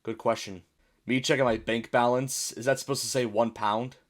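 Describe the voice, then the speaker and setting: A young American man hosts a casual meme reaction video, chatting and reading captions aloud. His voice sits at an ordinary middle pitch, and he often stops to wonder out loud what a joke means. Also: fairly even intonation, normal speed. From United States. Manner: chatty, puzzled, reads captions aloud, bursts of laughter. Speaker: YouTube reaction host.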